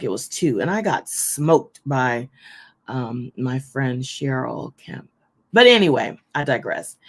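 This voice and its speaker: Loud, fast-talking forthright woman. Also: low-pitched. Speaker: host. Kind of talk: casual faith talk, preaching to camera.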